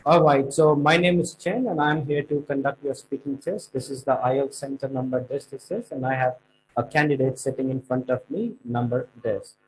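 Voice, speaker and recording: A man's voice: medium pitch, fairly even intonation, fairly quick, a little hiss or hum, natural voice, poor audio. A man playing a formal examiner in a mock speaking test, asking short clipped questions. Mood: businesslike. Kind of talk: mock exam role-play.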